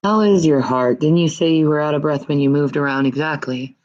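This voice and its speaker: Woman streamer, low-ish voice, winded, sighs and curses through casual rambling, muffled lo-fi audio. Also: brisk, darkish tone. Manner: rambling, swears and sighs often. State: out of breath. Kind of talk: casual livestream chat.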